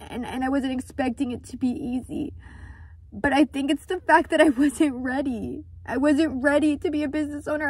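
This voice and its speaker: A woman's voice: sits high, darkish tone, no room sound. A woman vlogging outdoors about running a small business, talking in an earnest, vulnerable way and repeating words for emphasis. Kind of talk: emotional confessional vlog.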